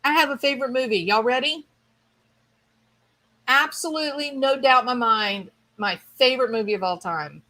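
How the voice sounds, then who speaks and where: A woman's voice: high-pitched, normal speed, sharp tone. A woman streamer casually chatting with her viewers, rambling and thinking aloud with enthusiasm. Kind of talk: casual chat.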